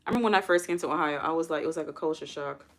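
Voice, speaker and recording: A young woman talks casually on her own livestream, her voice sitting a little low. She rambles easily, calls her viewers y'all and keeps tossing questions to the chat. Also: racing. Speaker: livestream host.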